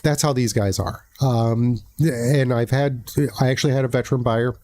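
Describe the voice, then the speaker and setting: American man, live-stream host, blunt, salty language, lots of restarts, everyday middle pitch. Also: fairly even intonation, normal speed, dark tone, a little hiss or hum. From United States. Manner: blunt, profane storytelling with many restarts. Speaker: realtor hosting a live Q&A. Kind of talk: casual livestream talk.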